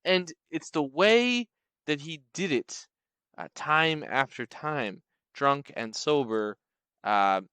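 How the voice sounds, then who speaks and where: A man's voice: on the high side, animated, slow pace, pushed and bright, smooth, no room sound. A young man telling funny true stories, wry, rambling and playful. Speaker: comedic storyteller. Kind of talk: comedic storytelling.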